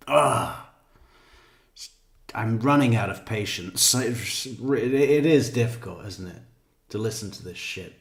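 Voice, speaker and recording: A man's voice: medium pitch, fairly bright tone, roomy sound. A man giving sarcastic, exasperated commentary on trial footage. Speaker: true crime commentator.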